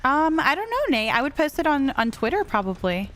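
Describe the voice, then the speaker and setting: Bright-voiced woman streamer chatting with viewers. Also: sits high, very animated, brisk. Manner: chatty, reads chat aloud and answers viewers. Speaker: game streamer. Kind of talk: live gameplay commentary.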